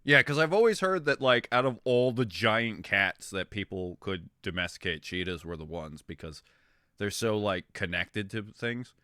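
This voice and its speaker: A man chatting on a stream, rambling and excitable, swearing freely as he goes. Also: on the low side, normal speed, clean tone, no room sound, studio quality. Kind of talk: casual stream chat.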